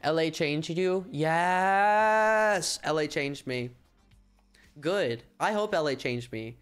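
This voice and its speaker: A man's voice: on the high side, unhurried, soft background music. A young American man chatting casually and playfully on a livestream, rambling with filler words. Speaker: streamer.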